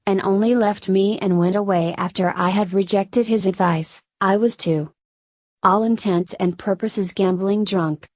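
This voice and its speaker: A woman narrating a classic story in a steady, measured audiobook reading. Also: mid-range voice, no room sound.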